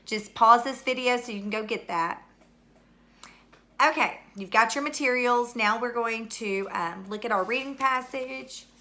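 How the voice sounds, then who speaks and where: A woman teacher talks to young children through a recorded video lesson, her voice bright and clear. She paces herself patiently, posing questions and then confirming the answers as if the class had replied. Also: on the high side, unhurried. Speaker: third grade teacher.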